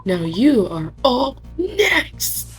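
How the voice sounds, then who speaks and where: A woman with a scratchy voice voicing a menacing male monster who makes slow, taunting threats. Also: high voice, big pitch swings, faint music behind, full character voice.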